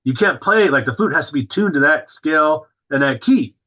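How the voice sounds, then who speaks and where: A man's voice: on the high side, animated, normal speed, pushed and bright, muffled recording. A male drummer, a guest on an interview, tells a story casually and animatedly, full of fillers and acting out what others said.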